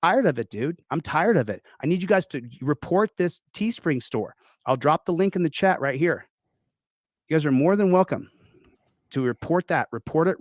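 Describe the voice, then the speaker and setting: A man's voice: a little high, dry recording. A man ranting indignantly on a stream, accusing and threatening someone. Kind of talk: angry live-stream rant.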